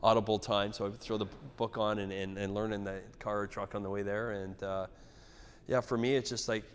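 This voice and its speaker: A man's voice: fairly low pitch, brisk, smooth. A middle-aged man from Canada, a gym owner chatting in an interview, rambling and swearing with lots of restarts. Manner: rambling, profane, animated storytelling with many restarts. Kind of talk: casual interview chat. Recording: echoey hall reverb.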